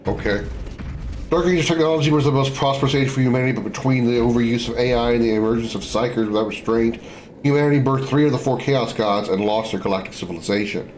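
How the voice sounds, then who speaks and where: A man's voice: medium pitch, quick pace, darkish tone, a little hiss or hum. A man casually commenting while streaming a game, rambling and offhand, now and then swearing.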